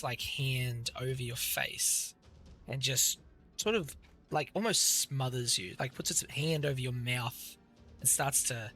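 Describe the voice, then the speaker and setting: Man, game master, bright tone, descriptive tabletop narration with light music behind. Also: mid-range voice. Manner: vivid, descriptive narration with many fillers.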